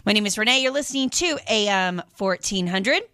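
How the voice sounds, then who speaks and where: A woman's voice: medium pitch, expressive, a little fast, sharp tone, clean tone, no echo. A woman hosting a radio shopping show, chatting casually and rambling between calls with lots of fillers, from a studio microphone.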